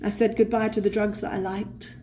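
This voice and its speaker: A woman's voice: medium pitch, level tone, brisk, warm tone, a little hiss or hum. A woman with a London accent giving a live personal recovery share at a convention, swearing freely and acting out the other voices in her story. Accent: London English. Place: convention hall with an audience.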